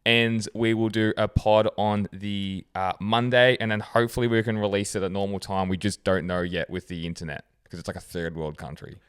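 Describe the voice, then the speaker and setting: A man with an Australian accent co-hosting a podcast in casual chat, talking in a laid-back monotone and swearing freely. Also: on the low side, fairly quick, hardly any pauses, smooth. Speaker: podcast co-host.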